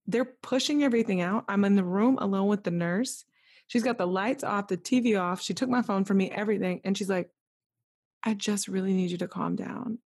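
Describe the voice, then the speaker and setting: As a guest on a podcast, a young woman openly recounts something that happened to her, bringing it to life by voicing other people's lines. Her voice sits in the mid range and sounds a little mellow.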